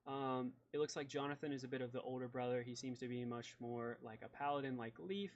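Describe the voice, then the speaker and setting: Man, game master, rambling, lots of fillers, mid pitch. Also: little pitch movement, fast talker, muffled recording. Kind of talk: narrating a tabletop game.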